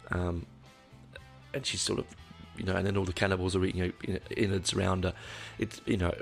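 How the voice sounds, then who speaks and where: A very deep-voiced man with a gravelly, creaky edge talks through a casual solo podcast episode. He rambles, doubles back on himself often and swears offhandedly. Faint guitar music plays underneath. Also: little pitch movement, a little fast. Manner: rambling, with frequent restarts and swearing. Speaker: podcast host.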